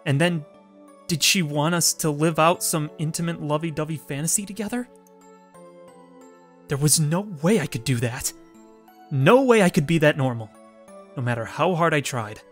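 A man reading the inner monologue of a gloomy, reclusive teenage boy from a visual novel, in a low and mopey voice. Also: lively intonation, normal speed, long pauses, soft background music, close to an everyday voice.

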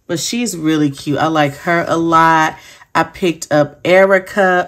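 A woman speaks in a low voice, chatting casually to her viewers. She is giggly and effusive, calling everyone y'all. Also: lively intonation, normal speed. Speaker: planner sticker vlogger. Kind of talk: casual chat.

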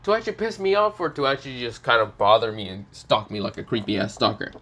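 Guy doing a cranky teen devil boy, swears nonstop, bright edgy tone. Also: medium pitch, quick pace, natural voice. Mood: angry. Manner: swearing, blunt and irritated. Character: cranky, foul-mouthed teen male devil.

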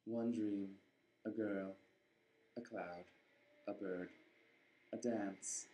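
A young man improvising a rambling, absurd mock film summary, deadpan with bursts of giggling. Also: on the low side, very slow. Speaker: comedic narrator. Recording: roomy echo.

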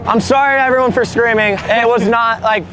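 A young man vlogging casually, loud and given to screaming and swearing when scared. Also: very high-pitched, fairly even intonation, fairly quick. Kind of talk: casual vlog chat. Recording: music and crowd noise outdoors.

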